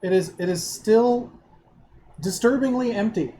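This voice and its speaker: Halting male game master. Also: high voice, dark tone, a little hiss or hum. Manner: rambling, halting with fillers. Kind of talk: narrating a tabletop game.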